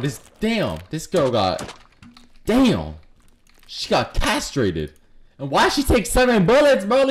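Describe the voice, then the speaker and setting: Profane, animated young man gaming. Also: sits high. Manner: profane, loud, rapid-fire trash talk. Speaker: gaming YouTuber. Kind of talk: Roblox gameplay commentary. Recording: noisy gameplay with gunfire behind.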